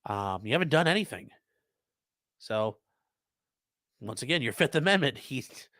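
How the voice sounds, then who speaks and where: A man's voice: medium pitch, sing-song, a little slow, pauses often, sharp tone, no room sound. A man with a mid-range voice chats on a live stream, reading out viewer comments and answering them bluntly, with swearing thrown in. His voice sounds dry and close, with very little room around it. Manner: blunt, profane, conversational, reads chat aloud. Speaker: lawyer hosting a live stream.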